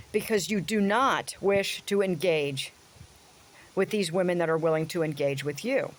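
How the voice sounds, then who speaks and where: Blunt, crude woman ranting on a vlog. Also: fairly low pitch. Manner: sarcastic, swings into mocking voices. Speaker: vlogger. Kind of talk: casual opinion rant to camera.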